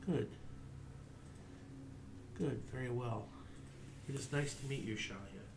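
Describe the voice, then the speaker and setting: A man voicing a calm, solemn male elf envoy who speaks in a measured, formal way. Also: mid-range voice, noisy background. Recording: roomy echo.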